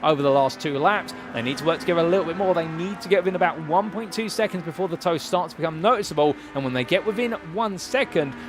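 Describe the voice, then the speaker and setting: Brief: male race commentator, high bright voice, rattling through live play-by-play. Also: over music. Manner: rapid play-by-play, rising to excited calls. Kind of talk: live sim racing commentary.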